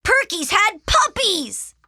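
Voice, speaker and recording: A woman voicing an earnest, eager young boy aardvark in a storybook, with high, excited exclamations. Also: a little slow, no echo, studio quality, full character voice.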